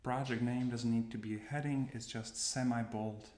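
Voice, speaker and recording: With a steady, mid-range voice at a moderate pace, a developer walks through his coding workflow in an informal screencast, thinking aloud and frequently stopping to fix what he said. The recording is roomy with noticeable background noise, including typing and mouse clicks.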